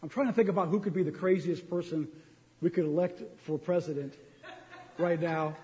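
Middle-aged male preacher, fired-up and joking, high voice, echoing sanctuary. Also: fairly quick, a little mellow. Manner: impassioned, ranting, jokey. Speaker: pastor. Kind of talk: sermon. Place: church sanctuary. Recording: long hall reverb.

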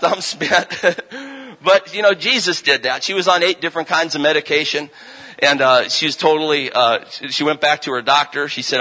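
A man's voice: a little high, sharp tone, low-quality recording. A man in his thirties preaching a revival sermon, telling healing stories and rising into fervent, emphatic declarations.

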